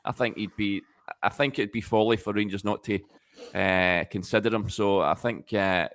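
Low-voiced man giving measured views. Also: steady tone, fairly bright tone. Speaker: podcast panelist. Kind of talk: football analysis.

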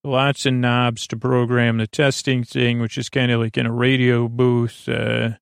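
A man hosting a sleep podcast, giving a drowsy, unhurried recap of an episode, halting with many fillers and self-corrections. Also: flat delivery, creaky, smooth, dry recording, studio quality. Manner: low-key, unhurried storytelling.

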